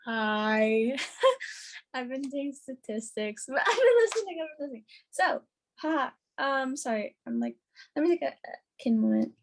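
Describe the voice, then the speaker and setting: A woman's voice: high-pitched, sing-song, unhurried. A young woman telling a story in casual podcast chat, bubbly and giggly, with lots of fillers. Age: young adult. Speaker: hair and makeup artist.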